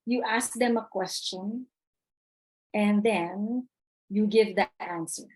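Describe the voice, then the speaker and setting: A woman's voice: mid-range voice, a little mellow, low-quality recording. A woman giving a live webinar on presentation skills, chatty, reading the chat aloud and repeating her key points.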